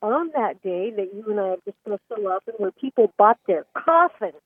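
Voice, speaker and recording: A woman's voice: mid-range voice, animated, moderate pace, slightly rough, dry recording. A woman calling in to a radio talk show, telling an earnest, emotional story. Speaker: caller. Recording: tinny phone line, dry.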